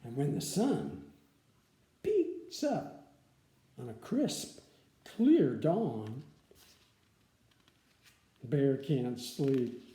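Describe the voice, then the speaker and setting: A woman reading a picture book aloud in an expressive, sing-song way. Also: very deep voice, extremely slow, long pauses. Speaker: storyteller. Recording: echoey room.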